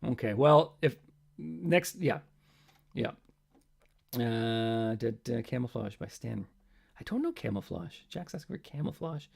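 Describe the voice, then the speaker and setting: A man's voice: medium pitch, lively intonation, a little slow, vocal fry, pauses often, darkish tone, husky. A man hosting a live stream from his home, chatting between songs in a rambling, self-mocking way and muttering to himself.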